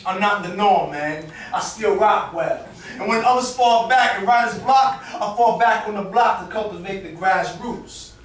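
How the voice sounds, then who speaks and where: A man's voice: high-pitched, normal speed, hardly any pauses, a bit bright. A man from Boston performing rhythmic, rhyming spoken word poetry at an open mic, with dramatic emphasis. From Boston, USA. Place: performance venue with audience. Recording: echoey room, mic from far off.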